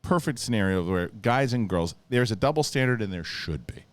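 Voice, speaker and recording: A man's voice: on the low side, brisk. A man hosting a podcast in casual chat, telling stories animatedly and swearing casually. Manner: animated storytelling, quotes people in put-on voices. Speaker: podcast host.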